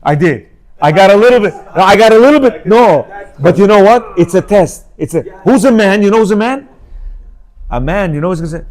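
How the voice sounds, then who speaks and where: A man teaches a class with a high, very animated voice that swoops up and down. He keeps asking the room "yeah?" and "you know?", and now and then bursts into loud emphatic outcries. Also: brisk. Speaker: teacher giving a class on marriage. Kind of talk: animated storytelling class talk.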